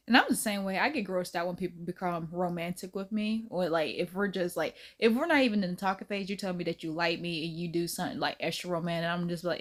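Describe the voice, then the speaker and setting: A woman host chatting casually in reaction, giggly and animated. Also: fast talker, hardly any pauses. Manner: animated and giggly, swooping pitch.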